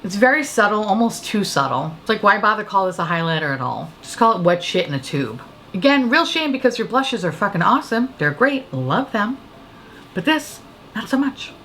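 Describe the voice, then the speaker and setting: A woman's voice: mid-range voice, sing-song, fairly quick, a bit bright, slight background noise. New York woman beauty vlogger, cursing and sarcastic, voice swooping all over. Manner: profane, sarcastic and dramatic. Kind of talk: casual product review chat.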